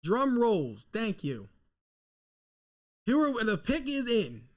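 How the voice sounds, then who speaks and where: Man, high voice, excitable, nervous rambling, live fan reaction stream, desk mic. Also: slow pace. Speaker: sports fan host.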